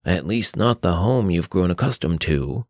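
A man's voice: low-pitched, lively intonation, moderate pace, no room sound, studio quality, pitched below the performer's own voice. A man voicing an old grandfather with a thick, tired voice in an audio story. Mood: explaining.

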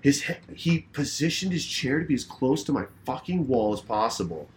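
A man co-hosting a casual comedy podcast, exasperated and profane, often sinking into hushed mutters. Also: mid-range voice, expressive, moderate pace, slight background noise. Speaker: podcast co-host.

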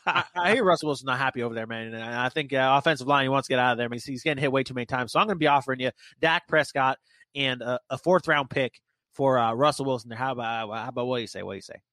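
A man doing an impression of a fast-talking male football team owner, with a mumbling Texas drawl and a pushy, haggling manner. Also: medium pitch, sharp tone, no echo, voice pushed down, natural voice.

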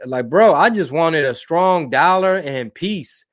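A slangy man rambles through viewer comments on a casual live stream. His voice sits a bit high for a man, and he drops Spanish words into his talk. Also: animated, slow pace, few pauses. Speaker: comedian hosting a live stream.

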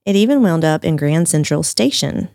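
A woman's voice: deep voice, expressive, normal speed, vocal fry, darkish tone, no room sound, clean studio sound. A woman, co-hosting a podcast and telling local ghost stories in a casual, laughing way. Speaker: podcast co-host. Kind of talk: casual chat, storytelling.

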